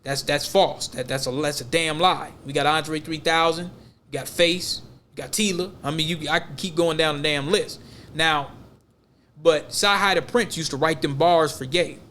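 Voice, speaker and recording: Male podcast co-host, high-pitched, casual and rambling, emphatic slang delivery. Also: fairly even intonation, moderate pace, sharp tone, a little hiss or hum.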